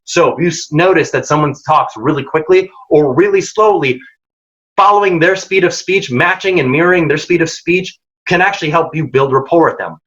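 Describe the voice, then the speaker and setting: A man's voice: a little high, moderate pace, fairly bright tone. A man presenting a career workshop, giving direct, emphatic advice and acting out quoted dialogue. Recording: dull lo-fi audio.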